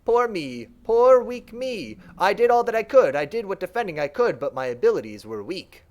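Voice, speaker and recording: An eager, fawning servant creature, as a man puts it on while reading the game's dialogue, pitched up above his usual talk. The lines swing through a lively, sing-song range. He sounds keen to please and a little pitiful. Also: moderate pace. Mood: pleading. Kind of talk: let's play dialogue read-aloud.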